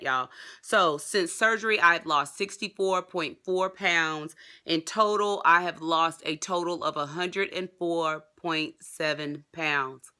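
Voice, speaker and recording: A woman giving a casual, excited vlog update, chatting to her viewers and calling them y'all. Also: deep voice. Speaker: vlogger.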